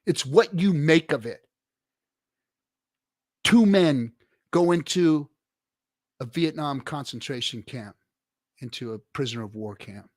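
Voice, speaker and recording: A middle-aged man hosts a livestream and talks straight to his chat with profane, preachy motivational fervor. His voice sits somewhat high for a man and swings between loud bursts and quiet stretches. The sound is dry and close, with no room around it. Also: lively intonation, slow, long pauses, no echo. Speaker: livestream host. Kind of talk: casual livestream chat reading viewer comments.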